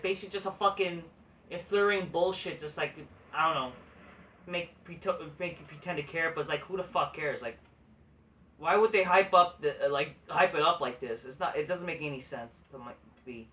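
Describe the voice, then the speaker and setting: A man's voice: sits high, fairly bright tone, recorded from a distance. A man hosting a wrestling review vlog, ranting with heavy profanity and frequent restarts. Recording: echoey room, voice off-mic.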